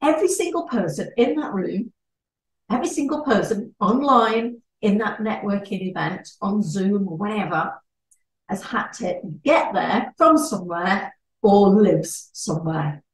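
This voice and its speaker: A woman gives a networking training talk with an animated delivery, slipping into short acted-out exchanges. She sits back from the microphone. The room echoes noticeably around her. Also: mid-range voice, unhurried. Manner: animated, acts out little dialogues. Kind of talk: presentation talk. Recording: echoey room, distant mic.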